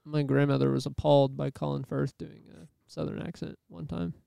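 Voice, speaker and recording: A man talking through a film with friends in a relaxed, chatty way. His voice is smooth and resonant but runs fairly flat in pitch, with a gravelly fry underneath. The sound is close and dry. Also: a little fast, no room sound. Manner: chatty, laughs often, fills with "like". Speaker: podcast co-host. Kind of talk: casual movie discussion.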